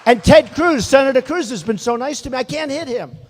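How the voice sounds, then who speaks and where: A man's voice: very high-pitched, fairly quick, long reverb tail. An older man giving a rambling, boastful campaign rally speech, talking to the crowd in repetitive asides. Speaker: political candidate at a rally. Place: large rally venue.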